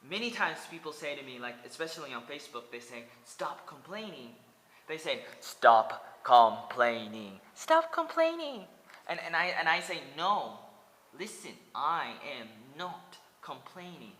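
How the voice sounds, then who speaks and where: A man's voice: on the high side, animated, moderate pace, sharp tone, roomy sound, in a large hall. A man in his twenties from Oregon, rambling earnestly in a personal vlog and speaking straight to his viewers, repeating himself. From Oregon, USA. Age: 20s. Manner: earnest and repetitive, addressing viewers directly. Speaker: vlogger.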